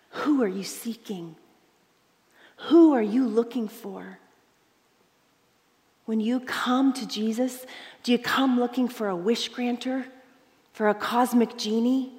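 A woman preaching a sermon, telling the story dramatically, dropping to hushed tones and then rising for emphasis. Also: a little high, big-room sound.

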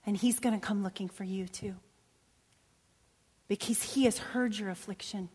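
A woman preacher delivering a sermon and closing prayer, dropping to hushed whispers and rising to loud, emphatic passages. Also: mid-range voice, steady tone, normal speed, slightly rough. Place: church sanctuary. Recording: long hall reverb.

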